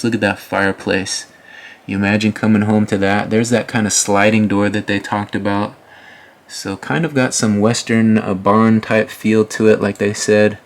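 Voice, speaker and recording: A man hosting a house tour, chatting casually over the photos with folksy asides to his viewers. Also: lowish voice. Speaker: host.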